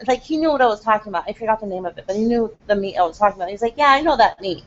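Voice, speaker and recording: Fast-talking frustrated woman vlogger, lo-fi. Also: fairly high pitch. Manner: fast, animated, frustrated retelling. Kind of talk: casual storytelling rant. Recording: dull lo-fi home recording.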